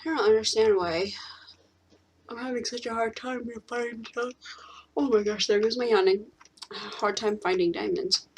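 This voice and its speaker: A woman's voice: a little high, fairly even intonation, normal speed, pauses often, a little hiss or hum. A woman hosting a gaming video, chatting casually and laughing often as she plays. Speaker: gaming channel host. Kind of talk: casual chat while playing a game.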